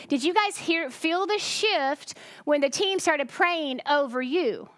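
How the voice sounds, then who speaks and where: Her voice sits high and is a bit bright and expressive as this tired American woman preaches slowly on a dry recording. The sermon is chatty and conversational, often interrupted by questions she asks the congregation.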